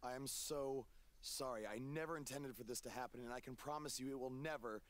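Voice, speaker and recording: A man's voice: medium pitch, fairly quick, a crowd in the background, lightly acted. An actor voicing a young male wrestler in a video game cutscene, earnest and pleading as he apologizes. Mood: contrite.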